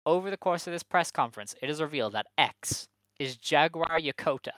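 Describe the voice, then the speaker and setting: Bright, smooth-voiced man recapping casually. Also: on the high side, lively intonation, brisk, no room sound, rough recording. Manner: wry, rambling recap with fillers. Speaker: podcast co-host. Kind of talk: casual podcast chat.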